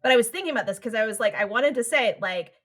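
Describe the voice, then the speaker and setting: A woman in her thirties co-hosting a podcast, chatting casually through an episode recap. Her voice is bright and forward. She keeps dropping into quick impressions of the characters while she tells the story. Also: fairly high pitch. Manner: animated retelling that acts out the characters' lines. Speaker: podcast co-host.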